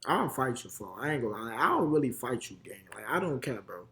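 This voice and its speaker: A man's voice: medium pitch, big pitch swings, a little fast, bright, forceful tone. A young man with a Chicago accent giving heated, slang-heavy reaction commentary. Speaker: reaction video host.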